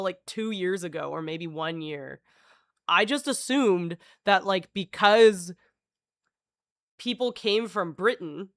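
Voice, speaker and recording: A woman's voice: mid-range voice, a bit bright, dry recording, clean studio sound. A woman streamer chatting casually with her viewers, rambling, reading passages aloud, swearing freely and chuckling.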